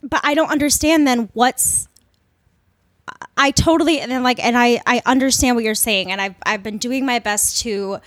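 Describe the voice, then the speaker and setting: Woman, podcast co-host, impassioned, emphatic, higher voice, dry. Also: moderate pace, dry recording. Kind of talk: casual podcast discussion.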